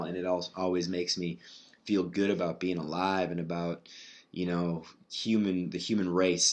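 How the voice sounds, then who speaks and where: A man with a very low voice talks alone on his podcast, swearing freely. He rambles and restarts his sentences as he works through his thoughts. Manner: rambling, profane, restarts often. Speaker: podcast host. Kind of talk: casual solo podcast monologue.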